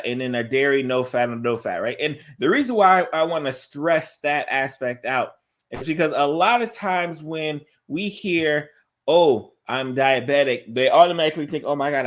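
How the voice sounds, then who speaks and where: A man's voice: fairly high pitch, fairly bright tone. A male physician giving a health education talk, emphatic and conversational, often checking in with "right?" and "guess what?".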